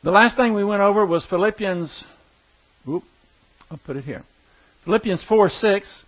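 A man leads a Bible study from the front of a church, his voice set high for a man. He talks conversationally and rises to emphatic stresses on the words that matter. The church live-stream sound is a little dull and muffled. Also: moderate pace. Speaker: pastor teaching a Bible study. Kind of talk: Bible teaching sermon.

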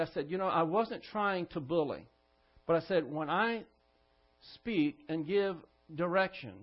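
A male pastor preaching a sermon, telling a story in a firm, instructive manner. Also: a little high. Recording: dull lo-fi church recording.

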